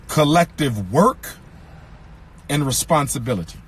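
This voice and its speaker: A man giving an impassioned lecture to an audience, with a preacher-like cadence, repeating lines for emphasis and rising to shouts. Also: high voice, sing-song, unhurried, husky.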